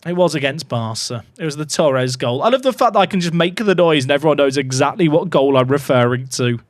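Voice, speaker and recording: A man's voice: fairly high pitch, animated, a little fast, no room sound. A man casually commentating on his football management game, chatty and full of joking asides to his viewers. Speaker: gaming YouTuber.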